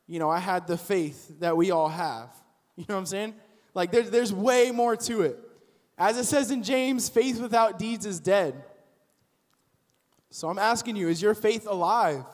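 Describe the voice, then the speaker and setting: Young guy youth pastor, casual animated sermon, echo all over the room. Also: sits high. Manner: casual and animated, acts out the story characters. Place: church auditorium. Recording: long hall reverb.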